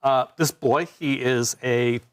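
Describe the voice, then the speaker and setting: A man running a live tabletop game as game master, with a gravelly edge of vocal fry. He talks haltingly, with plenty of fillers and restarts, at a middling pitch. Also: fairly even intonation, a little hiss or hum. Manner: halting, many fillers and restarts, laughs easily.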